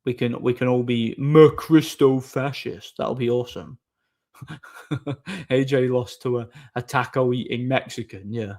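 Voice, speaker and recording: A man's voice: medium pitch, fairly even intonation, measured pace, a little mellow. A man chatting casually on a live stream, reading viewer messages aloud, rambling with repeated words and frequent laughter.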